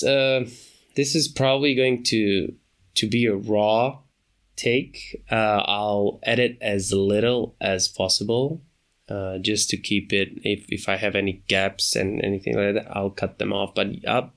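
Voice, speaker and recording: A man hosting his own podcast, talking off the cuff in a hesitant way, with many pauses and restarts. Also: lowish voice, a bit bright. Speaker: podcast host. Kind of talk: unscripted solo podcast talk.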